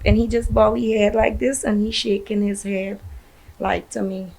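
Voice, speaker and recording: A woman's voice: on the high side, level tone, gravelly, rough recording. A woman with a Guyanese accent, a grieving mother telling a news reporter how she learned of her son's death, in distressed bursts. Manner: distressed, recounting events in rushed bursts. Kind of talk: emotional news interview.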